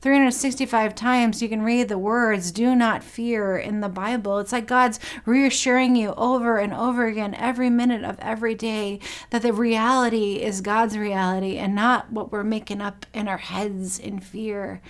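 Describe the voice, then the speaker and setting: A woman's voice: on the high side, steady tone, moderate pace, hardly any pauses. A middle-aged woman pastor giving a sermon, telling personal stories in an earnest way.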